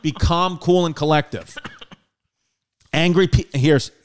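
A man's voice: on the high side, takes it slowly, clean tone. A man hosting a comedy podcast, rambling casually with lots of fillers and swearing. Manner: rambling, profane, filler-heavy. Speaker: podcast host.

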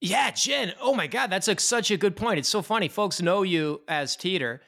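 Man, podcast co-host, casual and excitable, slightly higher voice. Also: normal speed, creaky. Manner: enthusiastic, laughs often.

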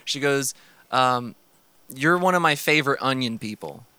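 Guy rambling through family stories, lots of "like" and "uh", crisp voice, dry sound. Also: medium pitch, expressive, moderate pace, pushed and bright, dry recording. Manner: rambling, laughing storyteller with frequent fillers. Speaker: guest. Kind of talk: casual storytelling on a podcast.

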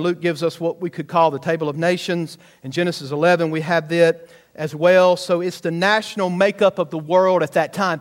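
A male pastor preaching a sermon, asking the congregation questions as he goes. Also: on the high side.

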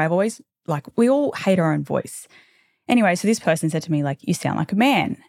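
A woman in her thirties hosts a podcast, chatting candidly with casual swearing and plenty of tangents. Her voice is low rather than girly and a little mellow. The recording is clean studio sound with no room tone.

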